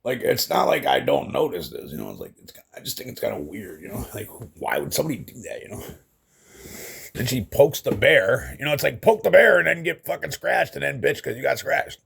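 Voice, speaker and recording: A man's voice: mid-range voice, wildly swooping pitch, a little fast, a bit bright, slight background noise. A middle-aged man venting in a rambling vlog monologue, swearing constantly and leaning on fillers, upset and emotional. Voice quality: gravelly, husky. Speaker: vlogger.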